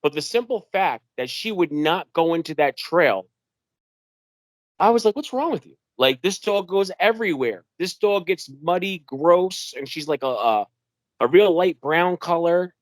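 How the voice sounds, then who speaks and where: A young man from New York telling a wilderness story in an animated way, acting out the voices of the people in it and using lots of fillers. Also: high-pitched, measured pace, no room sound. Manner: animated, acts out quoted dialogue in a raised voice, many fillers. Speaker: guest telling his encounter. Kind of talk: casual storytelling interview.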